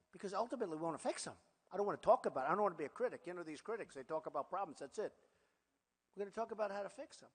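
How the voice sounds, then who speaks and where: Rally-speech candidate, man in his sixties, high-pitched for a man, boastful and repetitive, hall reverb. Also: a bit bright. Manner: boastful, repetitive, conversational asides to the crowd. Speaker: political candidate.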